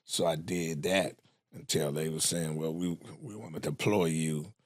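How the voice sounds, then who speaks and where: A man's voice: very deep voice, fairly even intonation, a little slow, dry recording, clean studio sound. A man, a guest comedian, telling stories in casual chat, laid-back and profane, laughing as he talks.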